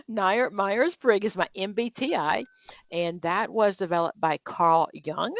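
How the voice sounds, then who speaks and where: A woman's voice: medium pitch, lively intonation, unhurried, gravelly, no room sound. A woman instructor leading an exam prep study group, reading practice questions aloud and then quizzing and explaining in a chatty way, with frequent fillers and self-corrections. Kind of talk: live online study group lesson.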